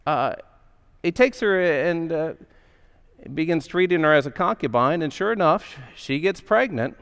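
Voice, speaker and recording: A man's voice: a little high, animated, measured pace, a bit bright, clean tone. A male pastor preaching a sermon in a conversational storytelling manner, acting out the characters' voices. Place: church sanctuary. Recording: long hall reverb.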